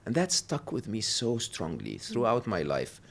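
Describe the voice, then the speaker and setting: A middle-aged man telling stories as a podcast guest, animated and often laughing, sometimes halting with fillers. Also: lowish voice, vocal fry. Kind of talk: podcast interview.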